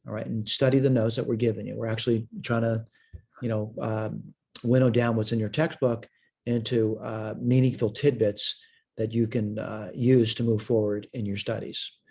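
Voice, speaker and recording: This male math teacher has a fairly low, gravelly, darkish voice with little pitch movement, speaking at a normal speed. In a recorded walkthrough at a whiteboard with screen sharing, he works through problems step by step, thinking aloud.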